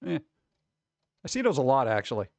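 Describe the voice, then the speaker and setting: A man chatting casually on a live stream, reading chat and reacting with quick exclamations. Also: mid-range voice, sing-song, creaky, no echo.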